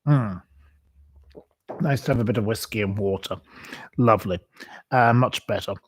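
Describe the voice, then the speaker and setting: A man's voice: lowish voice, moderate pace, no room sound. Rambling, chatty man. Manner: rambling and chatty, many ums and asides. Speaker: host. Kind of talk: casual livestream chat.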